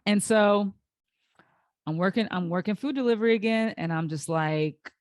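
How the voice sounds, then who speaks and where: A woman's voice: mid-range voice, normal speed, darkish tone, dry recording. Woman, podcast host, candid storytelling, emotional, near tears, many fillers, dry recording. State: close to tears.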